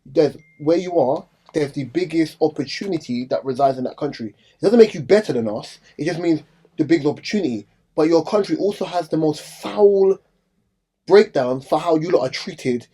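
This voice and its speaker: A man co-hosts a casual podcast chat. His voice is mellow and sits a touch high. He argues his points emphatically. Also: animated, normal speed, breathy edge. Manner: emphatic, argumentative. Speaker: podcast co-host.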